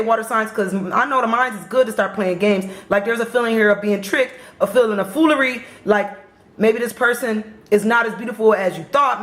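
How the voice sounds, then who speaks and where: A woman's voice: on the high side, a bit bright, reverberant. A woman giving a casual tarot reading and talking straight to her viewers in a chatty, repetitive way. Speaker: tarot reader.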